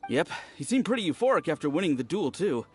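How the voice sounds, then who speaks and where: A man's voice: on the high side, quick pace, music in the background. An actor playing a friendly, talkative young villager in a video game, eagerly recounting what he saw. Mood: chatty. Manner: chatty, animated storytelling.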